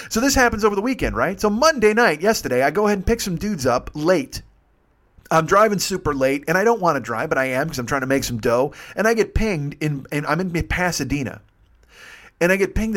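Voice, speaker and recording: A young man telling a story in casual, profane podcast chat, acting out the other people's lines. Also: fairly high pitch. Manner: fast, profane, animated, acts out dialogue. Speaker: podcast host.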